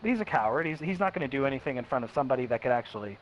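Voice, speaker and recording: A young man tells a personal story bluntly and casually, swearing heavily, restarting himself, and quickly acting out quoted voices. His mid-range voice has lively intonation. The recording is dull and lo-fi with faint hiss.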